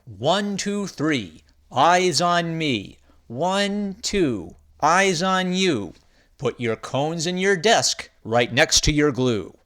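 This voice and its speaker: A kindly schoolteacher addresses his class in a firm, measured voice, as a man plays him. His tone is encouraging, with lively pitch swings. He speaks slowly, as in a storybook read aloud. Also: exaggerated voice.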